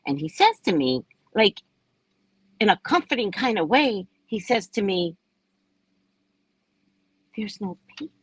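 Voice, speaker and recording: A woman tells a story in a loose, casual chat, her husky voice swinging up and down with lively energy. She is blunt and profane and laughs often. The sound is dry and close, with no room echo. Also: mid-range voice, moderate pace. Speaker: psychic reader and live-stream host.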